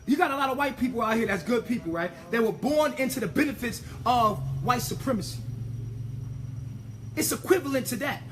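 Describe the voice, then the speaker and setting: A man's voice: extremely high pitch, lively intonation, brisk, background noise. A man delivering an impassioned, profane monologue, emphatic and ranting, tripping over repeated words as he pushes his point.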